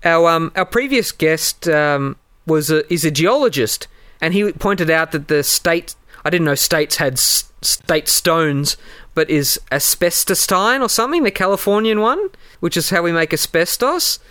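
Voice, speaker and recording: A man's voice: a little high, animated, measured pace, pushed and bright, clean tone, no echo, studio quality. A man co-hosting a casual film podcast, sharing trivia with a wry touch. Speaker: podcast co-host.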